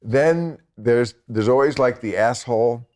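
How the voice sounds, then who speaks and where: A man's voice: medium pitch, unhurried, darkish tone. An American man in his sixties, a comedian talking as a guest in casual chat, sardonic and profane, with laughing asides.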